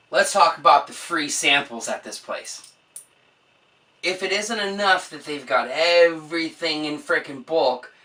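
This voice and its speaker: A woman vlogger on an exasperated, swearing comedic rant. Her voice is bright and forward. She sits some way back from the microphone. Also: a little high, distant mic.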